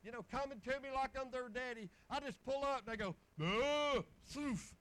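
A man's voice: very high voice, fast talker, fairly bright tone, rough recording. A man preaching a folksy sermon, telling homespun stories and chuckling along the way.

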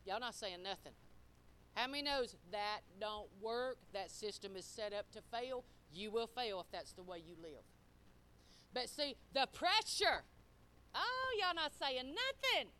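A middle-aged woman preacher delivers a sermon full of folksy stories, prodding her congregation for responses and swinging between quiet and loud. Her voice is a little high and animated, and she keeps a measured pace.

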